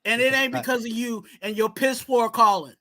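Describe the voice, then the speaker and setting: Guy on a fan livestream, bright edgy voice, gets heated and yells. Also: very high voice, fairly even intonation, moderate pace. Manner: heated, ranting, yells at times. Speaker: co-host of a sports fan livestream. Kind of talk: live sports fan stream talk.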